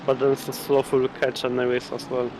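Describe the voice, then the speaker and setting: A man's voice: medium pitch, completely flat delivery, normal speed, darkish tone. A man co-commentating a live sim race with dry, joking remarks. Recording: noisy with race car sound behind.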